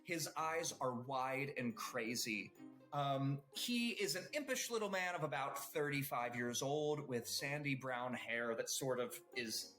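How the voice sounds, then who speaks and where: A man's voice: medium pitch, unhurried, fairly bright tone, faint music behind. A man narrating a tabletop roleplaying game as game master, describing scenes with fillers.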